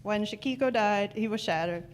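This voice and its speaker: A woman's voice: medium pitch, normal speed, a little hiss or hum, close to an everyday voice. A woman voicing a solemn ancient swordsman mentor with a put-on accent, on a convention stage. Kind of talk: reading a film monologue in a put-on voice.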